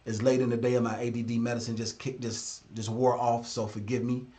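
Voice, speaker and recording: A man's voice: mid-range voice, little pitch movement, a little fast, dark tone. Blunt man hosting a live stream. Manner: talks straight to viewers, blunt and direct. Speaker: livestream host and business consultant. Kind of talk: casual live-stream chat.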